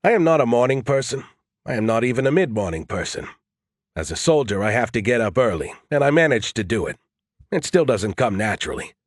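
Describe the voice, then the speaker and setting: A man's voice: mid-range voice, sing-song, fairly quick, no echo, studio quality. A man narrating a first-person audiobook in a wry, self-deprecating way.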